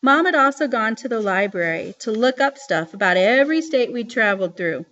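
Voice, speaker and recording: A woman reading a novel aloud in a lively storytelling manner. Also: fairly high pitch, fairly quick, slight background noise. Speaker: reader. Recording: dull lo-fi recording.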